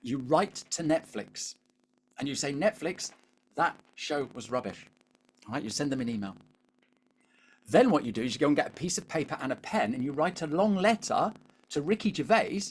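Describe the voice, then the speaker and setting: A man's voice: a little high, breathy edge. Chatty British man coaching a webinar. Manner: chatty, keeps asking the audience "all right?". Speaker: LinkedIn coach. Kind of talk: live webinar coaching talk.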